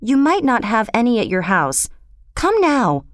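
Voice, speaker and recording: A woman's voice: a little high, wildly swooping pitch, a little slow, dry recording, studio quality. A woman voicing an imaginative, talkative young orphan girl in a storybook reading, earnest and dramatic. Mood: urgent. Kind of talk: storybook character voice.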